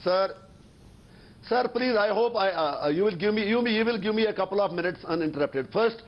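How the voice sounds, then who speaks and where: A man's voice: high-pitched, animated, a little fast. Defiant man on a muffled remote feed. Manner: insistent, defiant, stammering restarts. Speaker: debate panelist. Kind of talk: heated TV debate.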